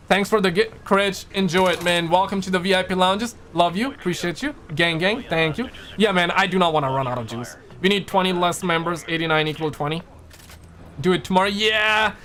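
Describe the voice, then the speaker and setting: A man's voice: sits high, a little fast. A young man from Quebec hosting a casual livestream, chatting loosely and reading viewers' messages aloud. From Quebec, Canada. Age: young adult. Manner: relaxed, chatty, reads chat aloud. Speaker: livestream host.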